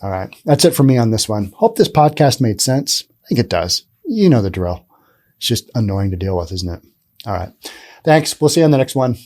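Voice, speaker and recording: A middle-aged man hosting his own podcast, talking through his opinions in a loose, rambling way. His voice sits at a medium pitch but swings up and down a lot as he talks, and he drops in sarcastic asides. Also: big pitch swings, a little fast, a little mellow, a little hiss or hum. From Pacific Northwest, US. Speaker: podcast host. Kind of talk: casual solo commentary.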